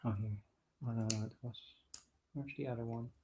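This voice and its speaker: Laid-back woman sidekick, extremely deep and croaky, joking in casual stream chat. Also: fairly even intonation, brisk, dark tone, a little hiss or hum. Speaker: co-host.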